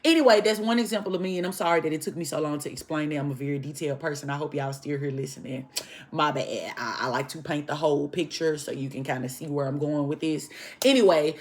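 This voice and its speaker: Young woman trucker ranting storytime to y'all, acts out every line, lowish voice. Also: quick pace, slight background noise. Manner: animated, profane, acts out dialogue, addresses "y'all". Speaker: truck driver, vlogger. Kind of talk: casual storytime monologue to viewers.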